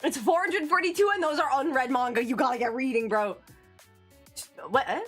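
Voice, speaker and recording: A woman streamer with a high voice talks a little fast, chatting casually on a livestream. She's talkative and giggly, calling herself a yapper, with faint music behind her.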